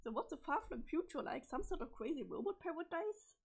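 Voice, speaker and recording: A woman's voice: high voice, sing-song, brisk, creaky, voice pushed up, heavily acted. A woman reading the part of an eager, adventurous teenage boy in a webcomic, with exclamatory, quirky old-fashioned slang and a strained voice. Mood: excited. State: strained, failing voice. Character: excitable adventurous teenage boy, easily awed. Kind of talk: reading a webcomic's chat logs aloud.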